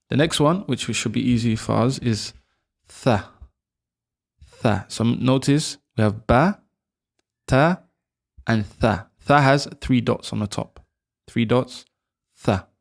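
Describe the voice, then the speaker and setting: A man giving a video lesson on letter sounds, patiently repeating each sound slowly for learners to copy. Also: mid-range voice, gravelly. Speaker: language teacher. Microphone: camera, close framing.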